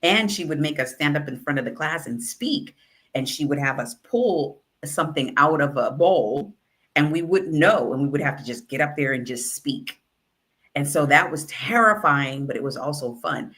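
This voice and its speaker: A woman who works as a writing consultant and author coach, telling a story in a casual, animated way and acting out the dialogue. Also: deep voice, moderate pace. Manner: animated, acts out quoted dialogue.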